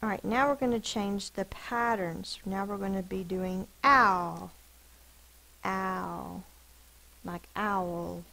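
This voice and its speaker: A woman teacher giving a phonics spelling lesson, sounding out words slowly and deliberately over a screen recording. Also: mid-range voice, fairly even intonation, vocal fry, bright, forceful tone, poor audio.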